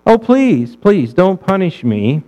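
A man's voice: high voice, big pitch swings, slow pace, mellow, voice pushed up, exaggerated voice, poor audio. A man voicing a pleading sorry kid. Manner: pleading, overly apologetic. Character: remorseful child pleading with parents.

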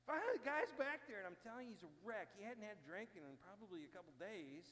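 A man's voice: high voice, quick pace, hardly any pauses. Man preaching in an echoey hall. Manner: animated, acts out the people he quotes. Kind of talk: sermon storytelling. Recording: long hall reverb with faint hum.

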